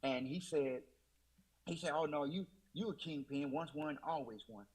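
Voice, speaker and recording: Husky-voiced man giving an emotional testimony. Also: on the high side, moderate pace, low-quality recording. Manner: emotional, repeats "I said", Southern US Black church speech. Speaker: guest. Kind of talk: testimony storytelling.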